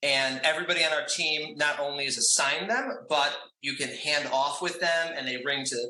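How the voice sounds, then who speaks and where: A man's voice: fairly high pitch, moderate pace, bright, forceful tone, slight background noise. A man being interviewed as a guest, talking casually with frequent laughs and fillers. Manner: chatty, laughs often, many fillers. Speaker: guest, trivia company owner. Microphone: video call setup. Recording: echoey room.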